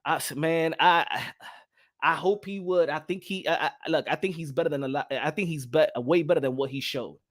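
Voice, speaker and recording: A man hosting a casual boxing live stream, talking animatedly, repeating himself and shouting out chat viewers. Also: a little high, normal speed. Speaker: boxing channel host.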